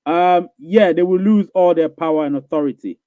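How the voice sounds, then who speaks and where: Reading viewer comments on his live Q&A stream, a man with a fairly high voice speaks at normal speed. He replies emphatically, repeats phrases, and asks "you get what I'm saying?" The recording is dry and thin, like a phone.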